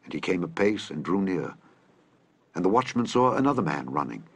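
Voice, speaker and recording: A man reading scripture aloud in a measured, solemn manner. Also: low voice, big pitch swings, slightly rough. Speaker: scripture reader.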